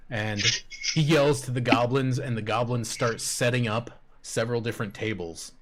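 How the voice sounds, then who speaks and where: A man narrating a tabletop game as game master, in a calm, measured way. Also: mid-range voice.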